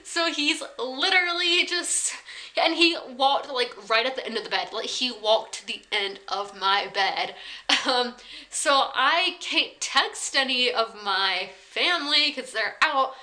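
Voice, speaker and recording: A woman's voice: high-pitched, unhurried, bright, forceful tone, poor audio. A woman in her twenties from South Carolina telling a story to the camera in a casual, rambling vlog style, full of "like" fillers. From South Carolina, USA. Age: 20s. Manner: chatty, rambling, many "like" fillers. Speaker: vlogger. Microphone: camera on tripod.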